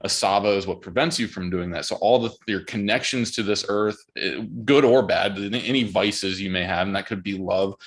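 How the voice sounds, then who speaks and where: A man in a band, a guest on a podcast, talking in a relaxed, reflective way. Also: fairly low pitch, fairly quick, hardly any pauses. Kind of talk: casual interview chat.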